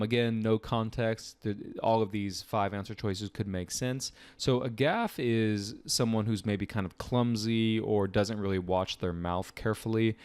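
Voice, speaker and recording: A man with a somewhat low voice talks through vocabulary questions like a relaxed tutor. He is chatty and full of fillers, and the sound is dry and close, with no room echo. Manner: relaxed, conversational, frequent fillers and asides. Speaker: test-prep tutor. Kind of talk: casual explanatory lesson.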